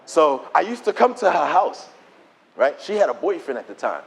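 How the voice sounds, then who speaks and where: A middle-aged man giving his testimony as a preacher, telling the story in an animated way and acting out the dialogue. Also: a little high, moderate pace, vocal fry, slight background noise. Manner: animated storytelling, acts out dialogue in quoted voices. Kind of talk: preached testimony to a conference audience.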